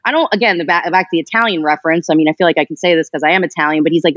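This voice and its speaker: Woman guest, animated, quick to laugh, dry close lo-fi recording. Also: low-pitched, no room sound. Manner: animated, laughs often while talking. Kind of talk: casual podcast conversation.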